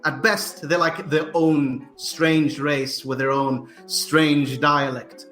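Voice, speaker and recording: A man's voice: on the high side, flat delivery, slow, fairly bright tone, faint music behind. A man from Sweden on a group podcast, telling rambling stories with hesitant restarts. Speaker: podcast panelist. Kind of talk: casual group chat. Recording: echoey room mic.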